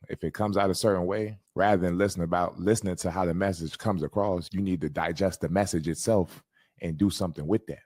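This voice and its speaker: A man's voice: low voice, fairly even intonation, quick pace, darkish tone, no room sound, clean studio sound. A man co-hosting a casual podcast, laid-back and agreeable, laughing often. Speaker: podcast co-host.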